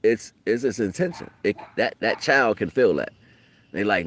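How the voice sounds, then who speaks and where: A middle-aged man giving a casual spiritual monologue in street slang, cursing freely and jumping loud when he acts out other people. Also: on the low side, expressive, normal speed. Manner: street slang, loose and profane, rises loud for quoted voices. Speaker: spiritual talk streamer.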